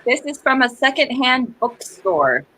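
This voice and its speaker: A woman hosting a casual livestream chat over a video call, chatty and quick to laugh. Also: sits high, big pitch swings, sharp tone, a little hiss or hum, poor audio. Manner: giggly, chatty. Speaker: livestream host.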